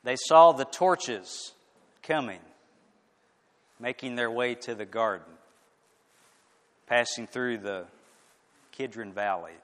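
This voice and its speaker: A man preaching a sermon, swinging from loud, emphatic declarations to hushed, quiet lines. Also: medium pitch, takes it slowly, long pauses. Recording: echoey hall with long reverb.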